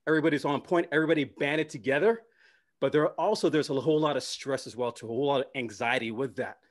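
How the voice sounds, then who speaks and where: A Canadian man performing a stand-up comedy set, animated and slipping into character voices. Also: medium pitch, fast talker. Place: comedy club stage with audience.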